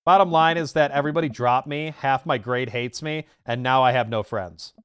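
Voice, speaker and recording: A man's voice: medium pitch, normal speed, clear, resonant tone, close to an everyday voice. A man reading the lines of an upset teenage girl venting to her dad in a dating game, in a subdued, rambling way. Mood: hurt.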